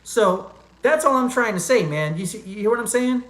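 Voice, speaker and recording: A man hosting a live chat stream talks earnestly and directly to viewers, calling them brother and man, and mumbles chat comments aloud in a low voice. His voice is expressive and fairly bright at a moderate pace, in a rough, reverberant recording.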